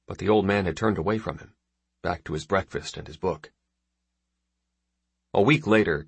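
A man reading a novel aloud in a measured, even narration. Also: low-pitched, breathy edge, no echo. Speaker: audiobook narrator. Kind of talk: scripted narration.

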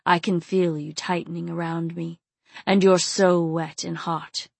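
A woman voicing a dominant male lover who is an inhuman king, speaking in a low, slow, husky murmur. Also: flat delivery, no echo. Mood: husky, urgent.

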